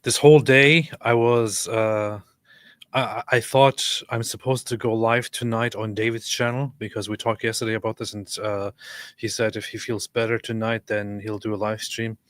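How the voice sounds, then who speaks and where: A man with a low voice chats as a guest on a live stream, telling a long story at an easy pace with fillers and repeats. He is recorded close and dry. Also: level tone, moderate pace, fairly bright tone, dry recording. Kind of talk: casual live stream chat.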